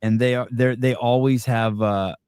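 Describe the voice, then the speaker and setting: A man's voice: medium pitch, normal speed, clean tone, no echo. Man with a dry, close voice. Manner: relaxed anecdotal, self-deprecating. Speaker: podcast host. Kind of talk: casual chat.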